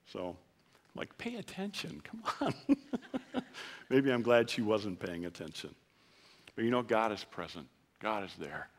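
A man's voice: mid-range voice, a bit bright. A middle-aged man preaching a sermon as a pastor, talking in a conversational, self-deprecating way and growing emotional at times.

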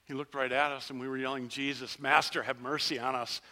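A man's voice: medium pitch, flat delivery, fairly quick. A man voicing a leper who was one of ten, telling his story in a first-person dramatic sermon as a vivid storyteller. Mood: earnest. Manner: vivid storyteller, shouts the plea, then hushes.

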